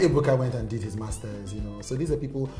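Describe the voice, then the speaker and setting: A man's voice: medium pitch, fast talker, darkish tone. Guy hosting, chatty, laughs a lot, roomy echo, bit of music behind. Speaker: host. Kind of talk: casual interview. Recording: echoey room.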